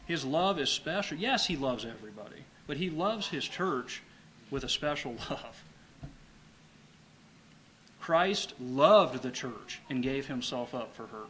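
Bright-voiced male preacher, emphatic. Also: medium pitch, animated, slight background noise, low-quality recording. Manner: emphatic, repeats key phrases, slows for scripture. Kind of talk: sermon.

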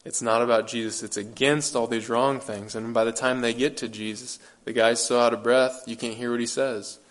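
A male preacher delivers a sermon in an earnest, emphatic way. He keeps asking rhetorical questions and repeats his key phrases. His voice sits at an ordinary middle pitch for a man. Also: little pitch movement, normal speed.

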